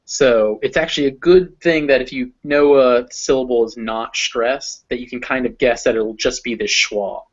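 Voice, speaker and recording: A man's voice: mid-range voice, fairly even intonation, normal speed, hardly any pauses, lo-fi sound. A man with a Southern American accent teaching English pronunciation, patiently modeling vowel sounds for a learner. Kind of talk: explaining phonetics to a learner.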